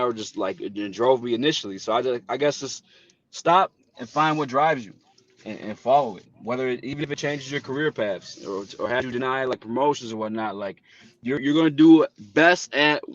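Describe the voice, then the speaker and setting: A man's voice: mid-range voice, fairly bright tone. Laid-back man, dull lo-fi audio. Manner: laid-back, swears casually. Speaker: guest. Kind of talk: casual chat. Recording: dull audio with faint noise.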